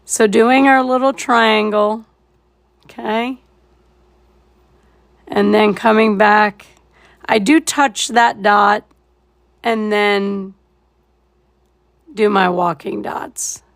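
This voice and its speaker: A woman's voice: medium pitch, steady tone, drawn-out words, long pauses. A woman leading a live painting tutorial, laid-back and thinking aloud as she works. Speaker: painting instructor.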